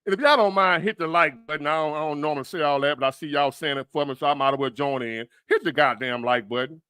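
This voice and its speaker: Fired-up blunt man, bright dry voice. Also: a little high, quick pace, clear, resonant tone, dry recording. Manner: blunt, profane, fired-up, rambling. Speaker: livestream commentator. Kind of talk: reaction commentary on a news clip.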